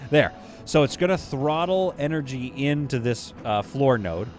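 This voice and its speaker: A man's voice: medium pitch, animated, normal speed, darkish tone, soft background music. A man from western Canada livestreaming a space-building game, thinking aloud and chatting with viewers as he plays. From Vancouver, Canada. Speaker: streamer playing a space sim. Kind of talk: live gameplay commentary, chatting with viewers.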